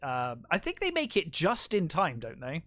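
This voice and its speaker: A man's voice: fairly high pitch, huge pitch swings, normal speed, a bit bright, no room sound, clean studio sound. A man co-hosting a film podcast, casually retelling scenes and acting out the characters' lines with lots of fillers. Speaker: podcast co-host. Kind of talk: casual film review chat.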